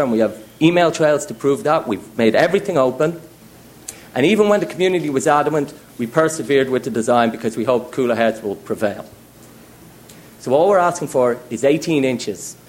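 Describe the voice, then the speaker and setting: A man's voice: mid-range voice, animated, a little fast, a little mellow, a little hiss or hum. A man speaking as an applicant at a public hearing, earnestly asking for approval of his project. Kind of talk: public comment testimony.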